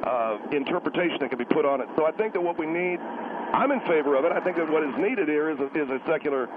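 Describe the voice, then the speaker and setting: A man guesting on a radio call-in show, combative and quick to take offense. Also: a little high, lively intonation. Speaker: newspaper columnist guest. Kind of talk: talk radio phone-in. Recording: tinny noisy phone line.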